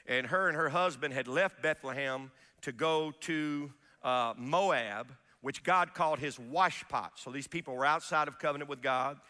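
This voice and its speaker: A man preaching a sermon as pastor, animated and folksy, with asides and call-outs to the congregation. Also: a little high, normal speed, few pauses, long reverb tail.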